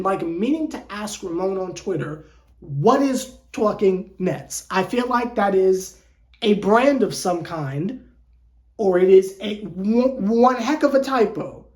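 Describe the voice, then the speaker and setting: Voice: medium pitch, lively intonation, measured pace. A channel host giving a casual fan commentary rant to camera, joking and slangy, tripping into repeated words and restarts. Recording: roomy echo.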